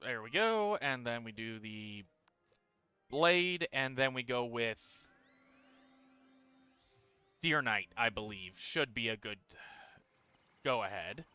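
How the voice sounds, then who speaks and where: A man streaming a video game, talking through his moves in a relaxed, casual way, a little tired. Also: medium pitch, slow pace, long pauses, smooth, dry recording, soft background music. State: tired, yawning. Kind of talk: casual gameplay commentary.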